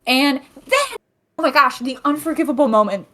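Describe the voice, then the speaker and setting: A woman co-hosting a podcast, retelling game scenes in a lively, joking way. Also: high-pitched, normal speed. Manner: animated storytelling, acting out game characters. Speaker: podcast co-host. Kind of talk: casual chat.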